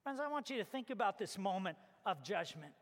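A man preaching a sermon as a pastor, telling stories with animated acted-out little scenes. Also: sits high, brisk. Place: church hall. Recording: reverberant hall.

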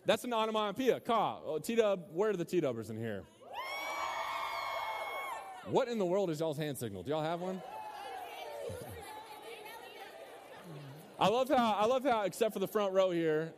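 A young man gives a relaxed, joking sermon and keeps tossing questions out to the room. His voice sits a little high for a man. A long reverb trails after each phrase in the big hall. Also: brisk, a crowd in the background, noisy background. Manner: casual, joking, quizzes the audience. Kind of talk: sermon to a student crowd. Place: large hall with a live audience.

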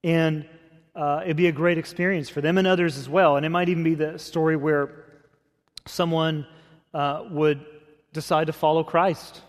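A man pastor preaching a sermon in a conversational, expressive way. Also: a little high, normal speed. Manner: conversational, expressive, acts out scripture quotes. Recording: long hall reverb.

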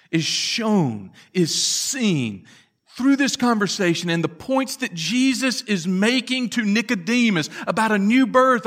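Male pastor, high bright voice, preaching in a folksy storytelling style. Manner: folksy storytelling with dramatic pauses. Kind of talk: sermon. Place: church.

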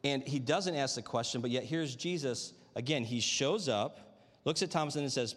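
A man's voice: mid-range voice, normal speed, in a large hall. A man preaching a sermon to a live congregation in a chatty, conversational way, often tossing out rhetorical tag questions. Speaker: pastor. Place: church sanctuary with live congregation.

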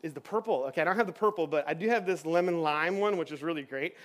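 A children's pastor leads a church session on a stage with kids and adults, playful and chatty and full of fillers. His voice is on the high side and his pace is quick.

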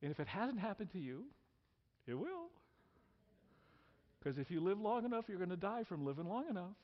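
A man's voice: sits high, sing-song, normal speed, big-room sound, dull audio. A man in his sixties preaching an emphatic sermon as a pastor, leading the congregation in call-and-response. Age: 60s. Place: church sanctuary.

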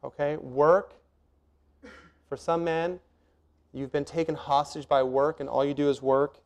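A man's voice: on the high side, level tone, unhurried, darkish tone. A middle-aged man preaching a sermon as pastor, earnest and emphatic, asking rhetorical questions and laying out numbered points.

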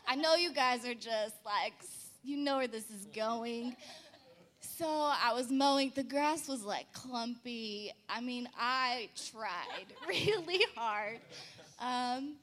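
A young woman casually telling a funny story about her husband, acting out quotes with big jumps in pitch and laughing often. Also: lively intonation, takes it slowly, a bit bright.

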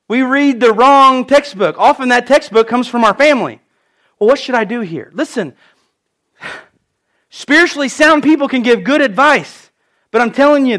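A man preaching an animated sermon, acting out the voices of the people he quotes. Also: very high voice. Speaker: pastor.

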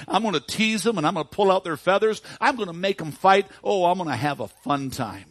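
A man's voice: animated, a little fast, dry recording. A man voicing a cruel young boy who boasts about tormenting caged birds. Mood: gleeful. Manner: boastful, high-pitched and loud.

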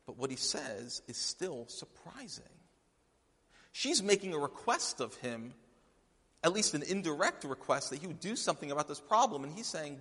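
A man's voice: on the high side, big pitch swings, moderate pace, a bit bright, husky. A man preaching a sermon in a conversational, storytelling way, with frequent restarts. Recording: long hall reverb.

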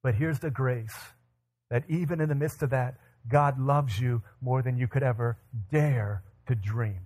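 Animated man preaching a sermon. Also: medium pitch, measured pace. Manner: animated storytelling with quoted voices. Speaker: pastor.

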